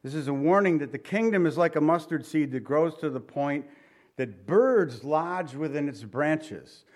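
Conversational preacher with a higher voice. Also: male voice, lively intonation, a little slow. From United States. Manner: conversational preaching, rhetorical questions, drops softly for emphasis. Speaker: pastor. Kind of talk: sermon.

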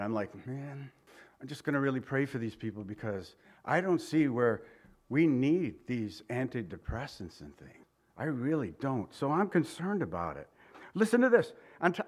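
A man preaching a sermon, animated and acting out the voices he quotes. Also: a little high. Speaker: pastor.

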